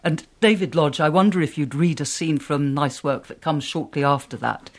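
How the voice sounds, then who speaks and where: A man hosting a radio book show, presenting in a smooth, measured scripted way. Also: on the high side.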